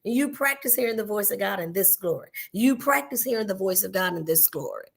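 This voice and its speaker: A woman's voice: medium pitch, expressive, brisk, creaky. A middle-aged woman minister giving a devotional teaching, earnest and personal, repeating key phrases for emphasis. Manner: tells personal stories to the listener.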